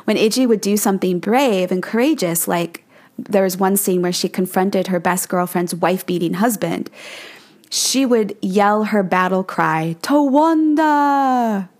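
A woman's voice: medium pitch, darkish tone. A woman in her forties hosting a podcast from her home office, giving a chatty, coaching monologue that often checks in with "right?". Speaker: podcast host, numerology forecaster. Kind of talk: casual monologue.

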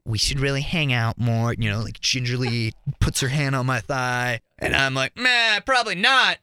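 A man's voice: medium pitch, moderate pace, clear, resonant tone, no echo. A young man, a podcast guest, telling a crude first-date story with lots of swearing in a college radio studio. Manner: animated, crude, swears freely. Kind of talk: casual storytelling.

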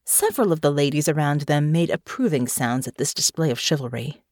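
Low-voiced woman narrating a novel. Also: lively intonation, brisk, darkish tone, dry recording, studio quality. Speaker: audiobook narrator. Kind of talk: scripted narration.

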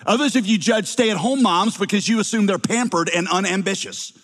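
A man's voice: sits high, a little fast, a bit bright, in a large hall. A middle-aged male pastor with a slight Southern accent, preaching a sermon with wry, teasing asides to the congregation.

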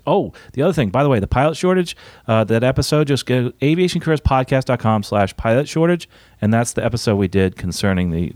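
A man hosting an aviation podcast, speaking in a calm, soothing, unhurried way. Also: fairly low pitch, no echo. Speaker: podcast host and airline pilot. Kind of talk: casual podcast chat.

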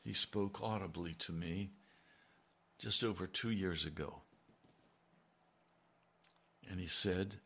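A man's voice: deep voice, steady tone, slow, creaky, long pauses, bright, forceful tone, slightly rough. An older man preaching a sermon in an earnest, emphatic way, rising on key phrases.

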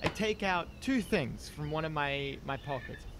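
A man playing a tabletop horror game, describing his character's actions in an animated, rambling way. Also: fairly high pitch, normal speed, noisy background. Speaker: player.

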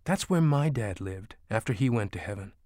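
A man voicing a gentle, ill young mother in a storybook reading, soft and soothing. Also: lowish voice, animated, normal speed, no room sound, clean studio sound, lightly acted.

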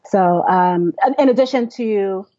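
A woman's voice: mid-range voice, unhurried, dark tone, no echo, dull audio. A young adult woman, a classical singer, telling her story in a casual interview, laughing often and acting out quotes. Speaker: interview guest.

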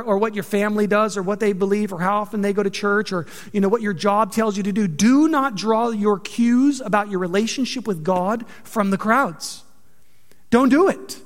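A man preaching a sermon, conversational and joking, with animated delivery. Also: sits high, normal speed, in a large hall. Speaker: pastor.

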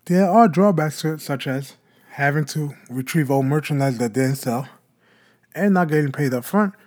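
A man's voice: on the high side, normal speed, a little mellow. A man hosting a podcast, explaining in a casual talk and answering his own rhetorical questions. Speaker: podcast host.

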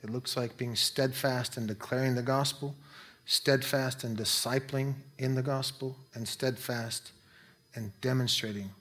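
A pastor preaching a sermon in a conversational way, breaking into quick asides. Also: male voice, mid-range voice, steady tone, fairly bright tone.

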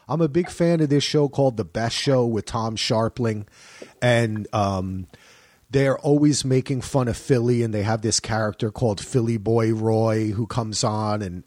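A man from New Jersey hosting a casual group chat over a call, lively and quick to laugh. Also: mid-range voice, no echo. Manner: lively, animated, laughs easily. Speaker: podcast host. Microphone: home microphone on a call.

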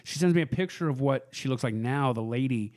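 This man, a Portland comedian in his forties appearing as a podcast guest, talks a little fast in a mid-range, slightly mellow voice. His stories ramble, and he slips into impressions of other people's voices.

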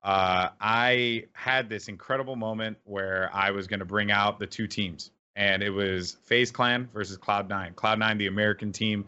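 An esports host talks through a story with animated energy, stumbling over restarts and fillers. His voice is bright and forceful. The sound is dull and lo-fi. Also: fairly low pitch, moderate pace, few pauses, clear, resonant tone. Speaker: esports event host and announcer. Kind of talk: casual interview storytelling.

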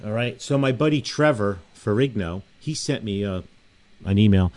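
A man's voice: fairly low pitch, lively intonation, moderate pace, a little mellow. A man hosting a radio talk show, making emphatic pleas and reading listener emails aloud.

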